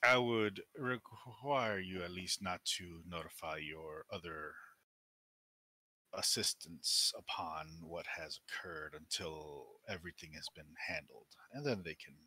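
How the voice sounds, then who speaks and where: A man's voice: deep voice, pushed and bright, breathy edge, pitched below the performer's own voice, full character voice. A man voicing a formal, mysterious wizard. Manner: measured, formal speech.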